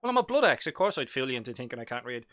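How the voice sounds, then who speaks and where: A man's voice: medium pitch, very animated, rapid-fire, a bit bright, no echo, studio quality. A young man with a Dublin accent, chatting casually and jokily while hosting a live hobby stream. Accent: Irish, Dublin. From Ireland. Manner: chatty, jokey, reads chat aloud.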